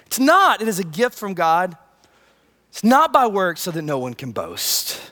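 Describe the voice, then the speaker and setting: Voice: mid-range voice, unhurried. A preacher delivering a sermon in a conversational way, with asides and retold scripture. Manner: conversational, animated, with many asides.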